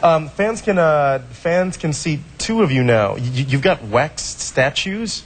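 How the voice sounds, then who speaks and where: A man's voice: on the high side, expressive, unhurried. A man hosting a talk show, joking in playful banter with his guest. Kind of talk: casual chat.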